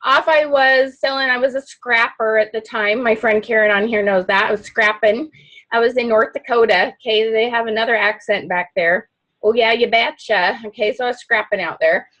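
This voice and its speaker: A loud, outgoing woman giving an animated coaching talk to a sales team. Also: fairly high pitch, fairly quick, lo-fi sound. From not from the Midwest.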